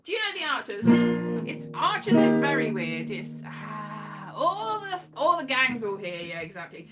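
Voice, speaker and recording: A woman's voice: fairly high pitch, sing-song, measured pace, over loud music. A British woman, a comedian, chatting casually to her live-stream viewers, rambling and self-mocking, now and then breaking into sung phrases. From Britain.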